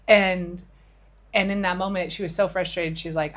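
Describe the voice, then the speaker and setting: A woman's voice: on the low side, fairly even intonation, normal speed. A middle-aged woman co-hosting a podcast, chatting and retelling a conversation with a friend, with a few restarts. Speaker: podcast co-host. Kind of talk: casual chat.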